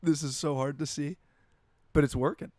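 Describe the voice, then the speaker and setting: A man co-hosting a podcast in casual chat, teasing his friends, his voice a bit hoarse. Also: a little high, fairly even intonation, moderate pace, darkish tone, no room sound, clean studio sound. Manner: teasing, exclaiming.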